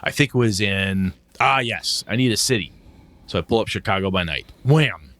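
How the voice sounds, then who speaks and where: A man's voice: lowish voice, moderate pace, fairly bright tone, no room sound. A middle-aged man co-hosting a podcast in casual chat, blunt and emotional, swearing freely. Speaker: podcast co-host.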